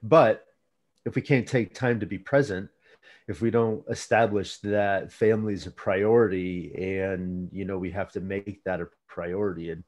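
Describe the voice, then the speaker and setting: A man hosting a podcast conversation, talking in a reflective, measured way as if thinking aloud. His voice is on the lower side. He talks with a calm, unhurried conversational flow. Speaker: podcast host. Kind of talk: casual conversational interview.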